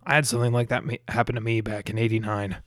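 A man voicing a middle-aged man in an audiobook, speaking in a relaxed, offhand way. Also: medium pitch, racing, no room sound, clean studio sound, natural voice. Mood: easygoing.

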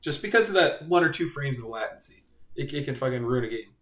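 A man with a bright, edgy voice whose pitch swings widely. He riffs and swears through a casual group call, and his sound carries the echo of a bare room. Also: lively intonation, fast talker. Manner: profane, joking, riffing. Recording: echoey room.

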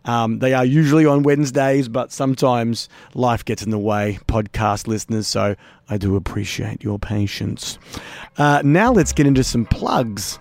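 Laid-back Australian podcast host. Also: male voice, mid-range voice, normal speed, a little mellow, no room sound. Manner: laid-back, jokey, laughs often. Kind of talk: casual podcast outro and chat.

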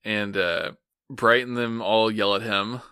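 A man's voice: on the low side, steady tone, unhurried, bright, forceful tone, smooth, no room sound, studio quality. A man co-hosting a podcast, recapping an anime episode in casual chat with a laid-back, wry manner and casual swearing. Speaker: podcast co-host.

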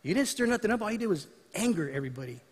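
A man's voice: sits high, sing-song, very fast, breathy edge, long reverb tail. A male pastor preaching a sermon in a conversational, storytelling way, acting out the lines of people in his stories.

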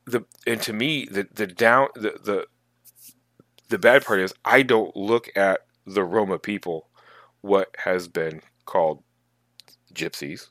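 Deep-voiced man, halting podcast chat. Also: a bit bright, no room sound, clean studio sound. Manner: halting, thoughtful, many restarts. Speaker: podcast co-host. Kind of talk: casual chat.

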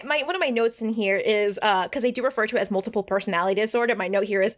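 A woman's voice: medium pitch, fairly even intonation, quick pace, hardly any pauses. Chatty, swearing woman podcast host. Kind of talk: casual chat recapping a story.

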